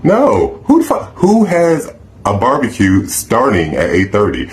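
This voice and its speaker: A man in his forties telling a casual storytime monologue, animated and incredulous, swearing and laughing often. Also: lowish voice, unhurried. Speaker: storyteller vlogger.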